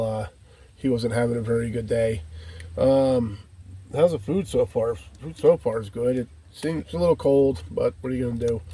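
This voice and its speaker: A man's voice: mid-range voice, dark tone. Folksy rambling van-life man. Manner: folksy, rambling, calls viewers "folk". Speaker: vlogger living in a van. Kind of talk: casual vlog chat. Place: outdoors by water and inside a van.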